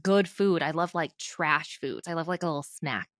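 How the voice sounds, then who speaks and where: A woman's voice: sits low, moderate pace, no room sound, clean studio sound. A young woman in her twenties co-hosting a podcast, chatting casually, giggling and rambling through her stories. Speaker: podcast co-host. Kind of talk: casual chat.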